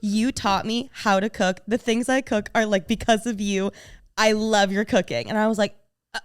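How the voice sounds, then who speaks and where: A woman's voice: medium pitch, normal speed, clean tone, dry recording, studio quality. A woman co-hosting a podcast, telling her side of a story in a chatty, friendly way. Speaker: podcast co-host. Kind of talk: casual storytelling chat.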